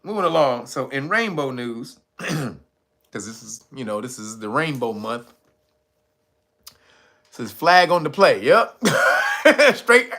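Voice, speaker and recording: A man's voice: medium pitch, very animated, slow pace, pauses often, pushed and bright. A livestream host reading out his chat, laughing constantly, loose and profane.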